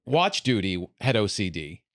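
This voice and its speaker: A man's voice: fairly low pitch, sing-song, normal speed, fairly bright tone, no echo, studio quality. A man hosting a podcast, telling a long rambling story with plenty of swearing and restarts. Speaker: podcast host. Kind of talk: casual podcast chat.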